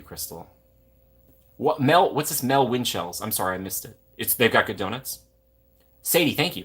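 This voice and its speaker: A man's voice: medium pitch, a bit bright, slightly rough. A young man from Minnesota, hosting a livestream, chatting casually and going off on jokey tangents while reading viewer comments. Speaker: livestream host.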